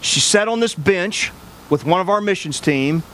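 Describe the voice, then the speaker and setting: A man's voice: high voice, expressive, normal speed, fairly bright tone, a little hiss or hum. A man pastor preaching a sermon, telling a personal story in an earnest, conversational way with frequent restarts.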